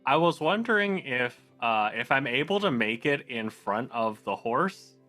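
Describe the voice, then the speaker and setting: A man's voice: medium pitch, very animated, a little slow, sharp tone, faint music behind. A man playing a tabletop game, talking in a hesitant, thoughtful way with many fillers. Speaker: player. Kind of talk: casual tabletop game play.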